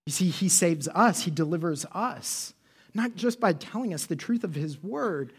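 A man's voice: high-pitched, expressive, moderate pace, slightly rough. A man preaching a sermon as a pastor. He speaks animatedly, asks the congregation questions and acts out the quotes he reads.

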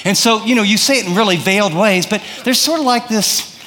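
Male pastor, high voice, casual preaching style, long echo of a big room. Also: brisk, pushed and bright. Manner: conversational preaching with acted-out prayers and anecdotes. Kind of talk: sermon.

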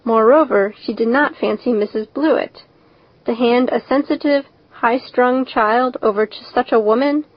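A woman reading a story aloud as narrator, in a steady, even storytelling manner. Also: a little high, normal speed, no room sound. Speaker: audiobook narrator. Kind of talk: scripted narration. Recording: dull lo-fi recording.

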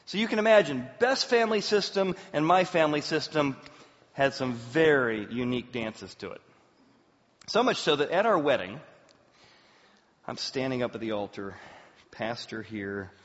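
A man in his forties, a pastor preaching a sermon as an animated storyteller, with big swings in pitch and loudness. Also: moderate pace, pauses often. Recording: roomy hall, dull sound.

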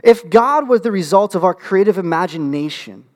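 A man preaching a sermon as pastor, animated and humorous, with frequent restarts and fillers. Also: high-pitched, normal speed. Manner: animated, humorous asides with rising excitement.

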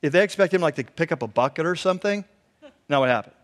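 A man preaching a conversational sermon as a pastor, telling the story in an animated way and acting out the quotes. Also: on the high side, quick pace. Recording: long hall reverb.

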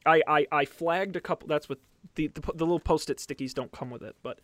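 A man hosts a casual podcast, upbeat and chatty, stumbling over fillers and restarts as he goes. His voice sits a little high for a man. The sound is dry and close, with no room around it. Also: brisk, a bit bright, dry recording. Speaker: podcast host.

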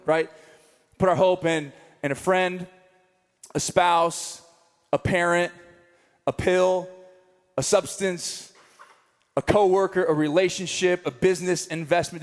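High-voiced man preaching in a hall. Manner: animated storytelling with comic asides. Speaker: pastor. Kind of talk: sermon. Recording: long reverb of a large hall.

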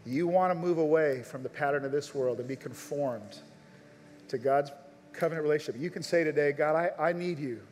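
A man's voice: fairly high pitch, fairly quick, darkish tone, slight background noise. A man preaching a sermon at a live church service, making earnest, urgent appeals straight to his listeners. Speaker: pastor. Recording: long reverb of a large church hall.

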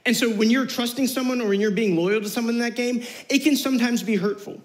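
A young man preaching to youth in an easygoing, slangy way. His voice sits high, and he acts out the people in the story as he tells it. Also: quick pace, low-quality recording. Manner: casual slangy, animated retellings with quoted voices. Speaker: youth pastor. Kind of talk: youth sermon.

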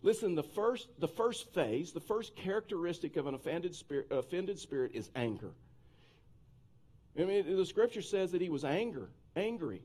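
Male pastor, mid-high voice, casual conversational sermon delivery with restarts. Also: very animated, normal speed, darkish tone. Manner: conversational preaching with frequent restarts.

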